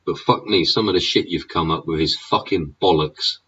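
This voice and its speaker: A man's voice: sits low, normal speed, a bit bright, breathy edge, far from the mic. An English man in a sweary, sneering political rant, throwing in "yeah?" and "innit?" as he goes. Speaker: vlogger. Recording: dull sound, away from the mic.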